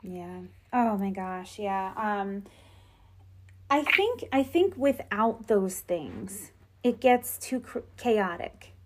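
A woman's voice: mid-range voice, lively intonation, slow pace, noisy background. A woman hosting a casual interview, asking questions and offering encouraging affirmations. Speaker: interview host.

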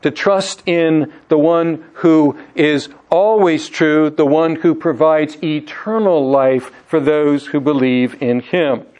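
Brief: male pastor, slightly higher voice, measured sermon delivery, slows down on key words. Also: fairly even intonation, a little mellow, highs cut off.

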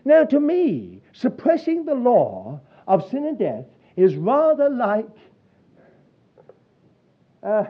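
A man preaching a sermon, telling stories with a chuckle in an animated way. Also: very high voice, slow pace, few pauses, slightly rough. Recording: dull lo-fi sound.

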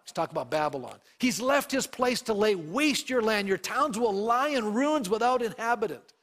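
A man's voice: high-pitched, lively intonation, moderate pace, hardly any pauses, a bit bright. A middle-aged male pastor preaching a sermon, reading scripture aloud and putting questions to his congregation. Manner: reads scripture aloud with emphasis.

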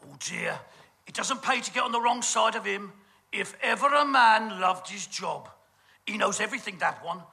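A man's voice: high-pitched, moderate pace, creaky, bright, forceful tone. A man with a British accent doing a camp, gossipy stage comedy monologue full of innuendo. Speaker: comic performer.

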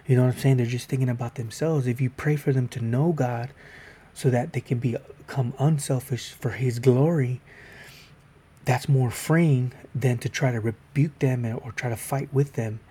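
A man's voice: mid-range voice, steady tone, normal speed, dark tone, slightly rough. A man giving a casual Bible devotional video, reading scripture aloud and then explaining it in a conversational way.

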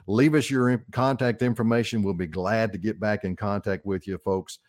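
A man's voice: lowish voice, fairly even intonation, normal speed, a little mellow, no room sound, clean studio sound. A middle-aged man with an Arkansas Southern accent, hosting a radio financial talk show in a folksy, upbeat way.

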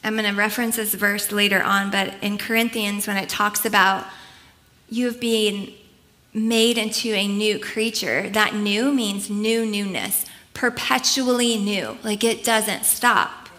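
Bright-voiced woman preaching a sermon. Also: mid-range voice, steady tone, a little slow. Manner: earnest, conversational preaching with many "like" asides.

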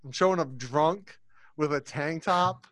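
A man's voice: on the high side, a little slow, crowd noise. A man co-hosting a podcast in casual chat, easygoing and a bit hesitant, often laughing along. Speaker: podcast co-host.

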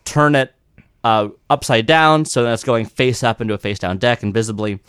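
A man co-hosting a podcast in casual, animated chat who slips into mocking impressions. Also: mid-range voice, moderate pace, clear, resonant tone, no echo, clean studio sound. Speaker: podcast co-host.

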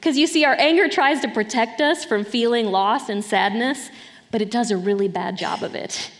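A woman's voice: fairly high pitch, moderate pace, in a large hall. A middle-aged woman pastor preaching a sermon in an earnest, conversational way, with light laughs between points.

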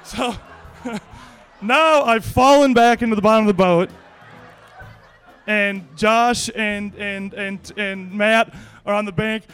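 A man telling a personal anecdote in a lively, casual way, laughing often and restarting his sentences. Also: sits high, takes it slowly, pauses often, smooth, a faint crowd. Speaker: storyteller.

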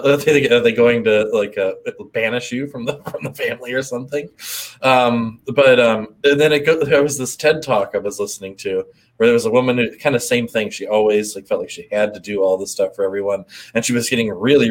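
A man with a fairly low voice talks through his ideas in a relaxed conversation. He hesitates and restarts often while he looks for the right words. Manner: hesitant, many fillers and restarts, thoughtful. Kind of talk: casual chat.

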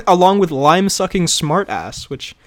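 A young man co-hosting a casual podcast, animated and laughing often, with bursts of mock outrage. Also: sits high, a little slow. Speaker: podcast co-host. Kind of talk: casual chat.

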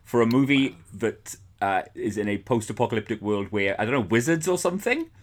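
A man's voice: medium pitch, lively intonation, fairly quick, a little hiss or hum. A man co-hosting a podcast, giving blunt, swear-filled, scathing movie verdicts in casual chat. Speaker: podcast co-host.

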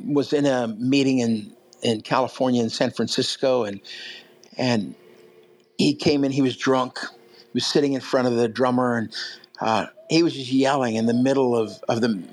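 A man's voice: medium pitch, poor audio. A big man preaching, telling stories conversationally with many fillers and restarts. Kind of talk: sermon storytelling.

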